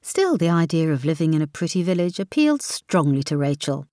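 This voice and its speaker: A woman reading a novel aloud in a calm storytelling manner. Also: sits low, moderate pace, few pauses, dry recording, clean studio sound. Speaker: narrator. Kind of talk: audiobook narration.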